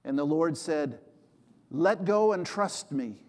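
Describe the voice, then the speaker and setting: A man's voice: fairly high pitch, animated, slow pace, darkish tone, in a large hall. A man in his seventies, a pastor preaching a sermon and acting out the voices in his stories. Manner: storytelling preacher, acts out quoted voices.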